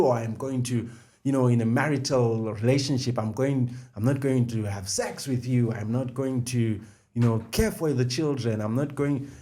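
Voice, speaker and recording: In this clip a middle-aged man co-hosts a faith podcast, speaking at a normal speed in a mid-range, warm voice. He talks the ideas through step by step and keeps repeating the key phrases, in a conversational discussion of faith.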